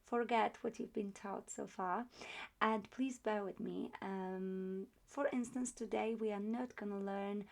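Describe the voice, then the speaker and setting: A woman's voice: mid-range voice, fairly even intonation, a little slow, vocal fry. A woman teaching a beginner language lesson, explaining patiently and repeating words for practice. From Poland.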